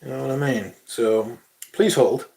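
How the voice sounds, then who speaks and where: A British man hosting a casual livestream, chatty and excitable, swearing freely as he talks to his viewers. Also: mid-range voice, a little slow, creaky. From Britain. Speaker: livestream host.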